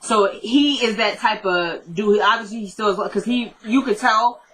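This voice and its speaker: A chatty woman recapping a TV episode on her vlog, speaking at a mid-range pitch. She tells it animatedly, jumping into the characters' lines and scattering in "you know.". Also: normal speed, fairly bright tone.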